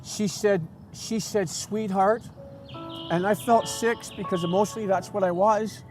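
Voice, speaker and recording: A man speaking as a guest, telling a personal story in an earnest, halting way with many restarts, moved and emotional. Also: high voice, fairly even intonation. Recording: music playing under the voice.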